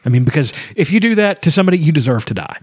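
A man's voice: on the high side, very animated, racing, breathy edge, no room sound. A man co-hosting a casual podcast who tells heated, profane stories about bad jobs. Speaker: podcast co-host. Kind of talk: casual chat.

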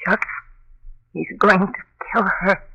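A woman's voice: medium pitch, little pitch movement, takes it slowly, vocal fry, bright, forceful tone, slightly rough, full character voice. A woman playing a frightened mother watching a ghostly murder in a 1930s radio drama. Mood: fearful. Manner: breathless, fearful, pleading. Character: terrified young mother clutching her child. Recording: dull, faintly hissy old radio recording.

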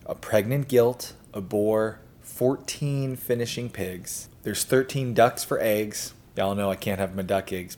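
A man hosting a homesteading video channel, talking casually and chattily to his viewers with a relaxed, self-deprecating manner. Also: fairly low pitch. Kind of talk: casual talk to camera.

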